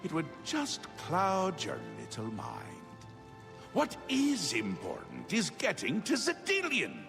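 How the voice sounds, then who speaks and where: A whimsical, menacing mad god, leaping wildly between high chirps and low growls. His bright, gravelly voice rings with a long reverb in the game audio. Faint music plays behind him. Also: wildly swooping pitch, takes it slowly, full character voice. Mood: manic, capricious. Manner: wild swings from chirpy to menacing, theatrical. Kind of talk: video game voice acting.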